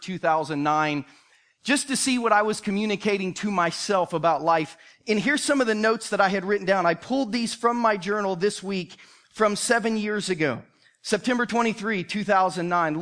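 A man with a notably high voice preaches a sermon, telling his own story. He speaks in an earnest, confessional way, like a middle-aged pastor opening up to his congregation. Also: fairly bright tone.

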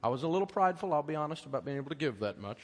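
Storytelling preacher in a reverberant hall. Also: male voice, fairly high pitch, sing-song, racing. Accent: American. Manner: conversational storytelling, swings from loud to hushed. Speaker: pastor. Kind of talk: sermon. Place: church auditorium.

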